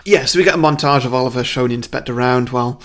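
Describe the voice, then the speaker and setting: A man's voice: medium pitch, rapid-fire. A man co-hosting a casual chat, animatedly telling a story he wrote and laughing often. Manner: animated, laughs often, puts on voices for characters. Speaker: podcast co-host pitching a story.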